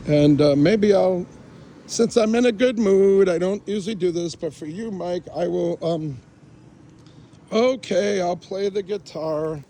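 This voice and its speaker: Guy with a gravelly, slightly high voice, rambling and joking through a messy room tour. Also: measured pace, dark tone, a little hiss or hum, low-quality recording. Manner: joking, rambling, addresses a friend directly. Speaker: vlogger giving a tour. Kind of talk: rambling casual tour talk.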